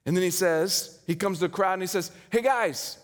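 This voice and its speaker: A man preaching a sermon with a high voice, telling a story. He swings between loud and hushed delivery. A long reverb hangs on his words, as in a church hall. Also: level tone, fast. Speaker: pastor.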